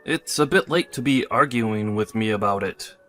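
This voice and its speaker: A man's voice: on the low side, moderate pace, sharp tone, faint music behind. A man voicing an evasive husband who impatiently brushes off his wife. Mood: dismissive. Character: dismissive husband at work, evasive. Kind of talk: text-story voice acting.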